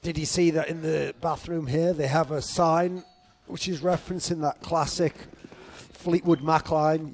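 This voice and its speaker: A man's voice: a little high, steady tone, measured pace, a little mellow. A young man from Northern England with a Geordie accent, an esports commentator bantering in casual colour commentary, joking, rambling and swearing freely. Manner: joking, profane, rambling storyteller.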